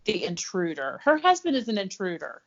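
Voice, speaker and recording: A woman's voice: medium pitch, very animated, fairly quick, dull audio. A woman co-hosting a podcast in casual chat, gushing enthusiastically over listener stories. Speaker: podcast co-host.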